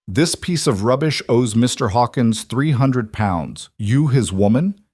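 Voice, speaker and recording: A man voicing a big, menacing male debt collector who speaks in a gruff, threatening way. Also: medium pitch, animated, a little slow, a little mellow, no room sound, clean studio sound.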